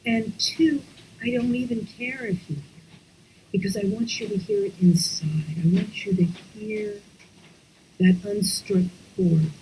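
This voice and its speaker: Slow, soft-spoken woman guiding breathwork. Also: medium pitch, a little hiss or hum, poor audio. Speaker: breathwork teacher. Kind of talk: guided breathing lesson. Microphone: online class, computer mic.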